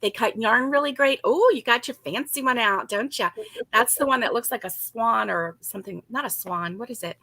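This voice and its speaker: A woman's voice: a little high, moderate pace, creaky, sharp tone, no room sound. A woman co-hosting a casual crochet-along, chatty and giggly as she greets viewers by name. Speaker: crochet co-host.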